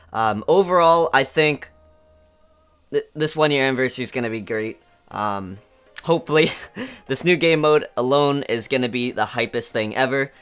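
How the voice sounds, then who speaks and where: A man talking fast and excitedly about game news as a YouTube host, rambling with lots of fillers into a desk mic. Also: mid-range voice, clear, resonant tone. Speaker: gaming YouTuber. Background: faint background music.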